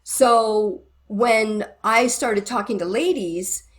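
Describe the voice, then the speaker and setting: Animated woman telling marriage stories. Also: on the high side, takes it slowly. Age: middle-aged. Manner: animated, acts out quoted conversations. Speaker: guest, marriage minister. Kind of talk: conversational interview storytelling.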